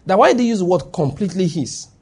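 A man's voice: sits high, lively intonation, fast talker, darkish tone, slightly rough. A man preaching a sermon to a live congregation, emphatic and repetitive, often checking that his listeners follow him.

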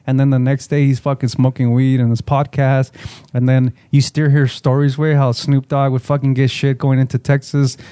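A man's voice: mid-range voice, level tone, moderate pace, dark tone, smooth, dry recording. A man co-hosting a casual podcast, talking in a profane, rambling way full of filler words. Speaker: podcast co-host.

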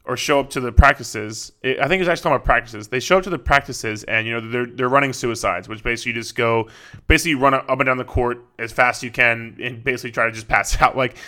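A man's voice: mid-range voice, quick pace, pushed and bright. A young man hosting a fitness podcast, talking in a casual, profane, rambling way with lots of fillers and restarts. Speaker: fitness coach and podcast host.

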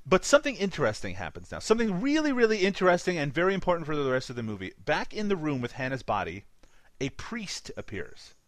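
A man's voice: a little high, wildly swooping pitch, quick pace, dry recording. A man with a light Newfoundland accent recapping a movie in casual podcast chat, laughing often and swearing casually. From Newfoundland, Canada. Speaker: podcast co-host.

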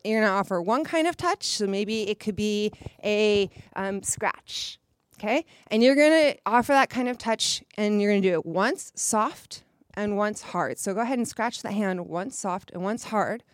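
A woman's voice: mid-range voice, normal speed, no echo, clean studio sound. A woman leading a live workshop for a group, talking candidly and laughing often, with a slight nervous shake in her voice. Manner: candid, frank, laughs often, says "right?" a lot. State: nervous, voice a little shaky. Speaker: workshop leader. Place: room with a live audience.

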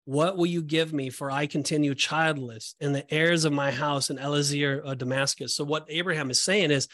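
A man's voice: on the high side, steady tone, normal speed, fairly bright tone, no room sound, studio quality. A man co-hosting a podcast, explaining Bible passages in a casual way and often restarting his phrases. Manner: explanatory, repeats and restarts phrases, reads verses aloud. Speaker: podcast co-host. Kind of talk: casual Bible study discussion.

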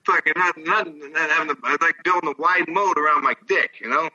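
A man's voice: on the high side, a little fast, bright, forceful tone, distant mic, muffled recording. An older man, a former ballplayer, telling rambling, profane stories in casual chat. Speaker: guest, former baseball player. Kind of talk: casual storytelling.

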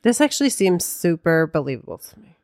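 A woman's voice: fairly low pitch, big pitch swings, brisk, darkish tone, no room sound, clean studio sound. A woman co-hosting a podcast, chatting casually and reading a story aloud with light laughs. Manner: reads listener accounts aloud, hedging with light laughs. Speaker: podcast co-host.

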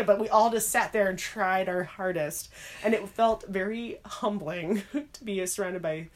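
A woman chatting casually as a podcast co-host, with a voice of middling pitch for a woman. She talks in an animated, expressive way, with bright swings of emphasis, and breaks into playful voices when she quotes people. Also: a little slow. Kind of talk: casual chat.

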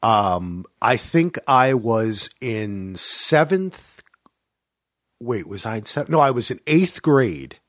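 A middle-aged man co-hosting a casual chat about a movie, telling lively stories and jumping into high voices when he quotes people. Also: slow, no echo, studio quality. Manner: animated storytelling, jumps to high voices when quoting. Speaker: podcast co-host. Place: lives in Portland, grew up in New Jersey.

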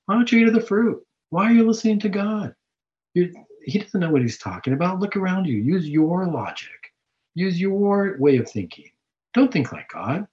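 A man voicing a tempting male devil who goads with rapid-fire mocking questions. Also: high-pitched, expressive, a little mellow, voice pushed up. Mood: taunting. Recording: dull lo-fi recording.

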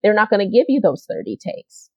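A woman's voice: mid-range voice, big pitch swings, fairly quick, no echo. Casting director lady chatting, lots of you-knows, kinda dull lo-fi sound. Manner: chatty, many you-knows, repeats words for emphasis. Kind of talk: casual interview chat.

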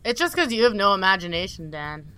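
A woman's voice: mid-range voice, sing-song, fast, pushed and bright, clean tone. A young woman co-hosting a podcast, chatting casually, swearing freely and laughing through her stories. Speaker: podcast co-host. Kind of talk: casual chat.

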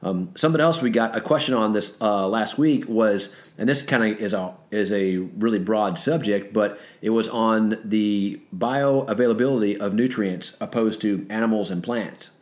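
A man's voice: lowish voice, moderate pace, few pauses, a little mellow. A man co-hosting a podcast, talking in a joking, easygoing way. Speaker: podcast co-host. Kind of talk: casual chat.

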